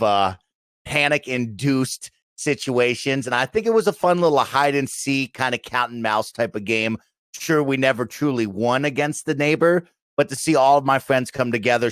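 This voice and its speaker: A man hosting a casual gaming chat, upbeat and rambling in long stretches. His voice sits at an ordinary middle pitch, close on the mic with a dry, dead sound. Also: fairly bright tone, clean tone, no room sound. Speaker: podcast host.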